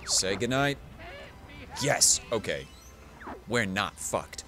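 This gamer has an expressive, lowish voice and a slow pace, narrating his playthrough casually after a few drinks. Rambling and profane, he makes mock-dramatic pleas while game music plays.

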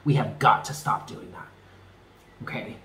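A man giving a spoken tarot reading, earnest and emphatic, often repeating himself and dropping low on key words. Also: unhurried, pushed and bright, roomy sound. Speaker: tarot reader.

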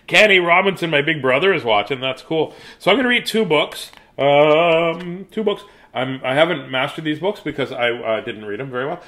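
A playful man hosts a children's reading livestream, his voice sitting a bit higher than most men's. He chats loosely with the viewers and keeps slipping into goofy chants and ringside announcer bits. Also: bright, forceful tone. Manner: playful and silly, breaking into sing-song chants and announcer voices. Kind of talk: casual live chat to young viewers.

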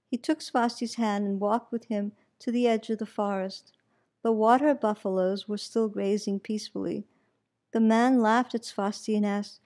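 A woman teacher reads a story aloud in a calm, measured way. Her voice is warm and mellow, sitting in a middle range. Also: medium pitch. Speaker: meditation teacher.

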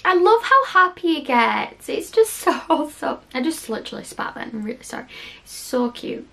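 A young woman hosting a casual reaction vlog from home. Her voice sits a little high, and she talks in a chatty, giggly, rambling way, full of "like"s. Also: big pitch swings, normal speed, creaky, bright, forceful tone, slight background noise. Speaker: YouTube reaction host. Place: home, cold room.

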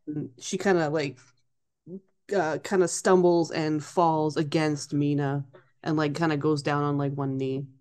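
A woman's voice: low-pitched, level tone, unhurried, a little mellow, smooth. A woman playing a tabletop game, describing her character's actions hesitantly with lots of "like". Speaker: player. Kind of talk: casual tabletop play.

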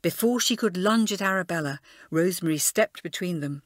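A woman narrating a children's audiobook with expressive storytelling. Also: fairly low pitch, a little fast, dry recording, studio quality. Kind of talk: scripted narration.

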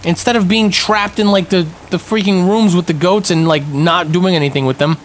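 A young man giving live commentary on a multiplayer game, excitable and panicky, yelping and throwing in a lot of slang. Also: high-pitched, moderate pace, slight background noise. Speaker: gaming streamer.

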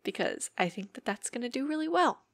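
A woman's voice: fairly high pitch, animated, a little fast, fairly bright tone, dry recording. Earnest, swearing woman podcaster, dry sound. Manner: earnest, emotional, swears freely. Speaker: podcast host. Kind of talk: personal podcast monologue.

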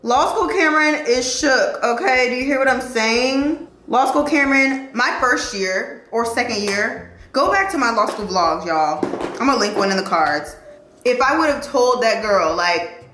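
Chatty young woman vlogger, slangy and animated. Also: on the high side, moderate pace, roomy sound, faint music behind. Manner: animated, emotional, slangy and encouraging. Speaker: vlogger and lawyer. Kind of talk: chatty get-ready-with-me vlog.

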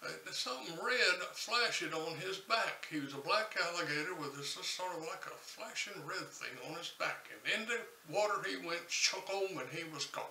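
A man's voice: high voice, lively intonation, moderate pace, gravelly, hardly any pauses, sharp tone, reverberant, far from the mic, a little hiss or hum, poor audio. A man, telling a folksy, rambling tall tale ad-lib, full of "uh"s. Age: 70s. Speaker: channel host.

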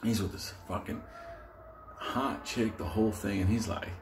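A man's voice: fairly low pitch, fairly even intonation, normal speed, background noise. A man telling a comic story in a loose, profane way, chuckling as he goes.

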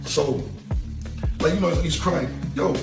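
A man's voice: fairly high pitch, measured pace, gravelly, over music. A man in a played interview clip, talking casually and animatedly, repeating himself and swearing freely. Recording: roomy echo, distant from the mic.

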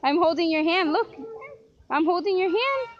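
A woman's voice: very high voice, animated, normal speed, lo-fi sound. A woman filming a casual family vlog at a park, chatting with her kids and laughing often as she narrates. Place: outdoors at a park and walking home. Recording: noisy outdoor camera recording. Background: outdoor ambience.

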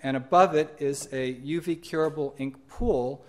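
A middle-aged man presenting his own exhibition with slides at a conference, talking in an unhurried, halting way with many ums and restarts. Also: fairly high pitch.

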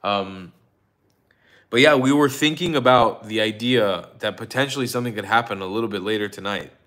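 A man's voice: lowish voice, fairly quick, a bit bright. Tired man chatting on a livestream. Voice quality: rambling, with restarts and frequent ums. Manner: greets viewers by name from the chat. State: tired, yawning. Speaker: livestream host. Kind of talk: casual livestream chat.

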